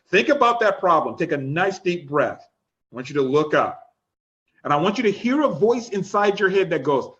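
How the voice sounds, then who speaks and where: A man leading a coaching class, energetic and coaxing, repeating instructions and laughing often. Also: on the high side, normal speed, dull audio. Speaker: life coach. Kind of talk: live-streamed coaching class.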